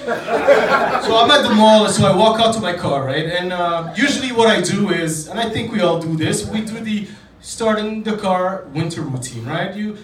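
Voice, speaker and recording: A high-pitched man from Djibouti performs a loose, foul-mouthed stand-up set, telling self-deprecating stories to a live crowd on a comedy club stage. The audience laughs, and the mic sits far off, so the room sounds echoey and the ambience is loud.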